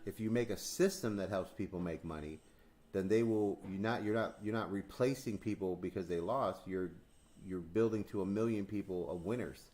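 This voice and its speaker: On his crypto stream, a man whose voice sits low talks at a normal pace in casual conversation. He acts out dialogue in animated stories, swearing and laughing frequently.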